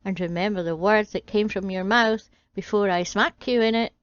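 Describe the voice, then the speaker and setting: A woman's voice: mid-range voice, moderate pace, dry recording, lightly acted. A crude, cheeky male frog from a storybook parody, voiced by a woman, who talks in a brash, mocking, slangy way. The recording is dull and dry.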